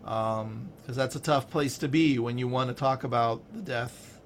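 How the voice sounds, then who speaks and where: A man's voice: mid-range voice, normal speed, a little hiss or hum. A man hosting a podcast in casual chat, rambling with many restarts. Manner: rambling, self-interrupting, lots of restarts. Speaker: podcast host.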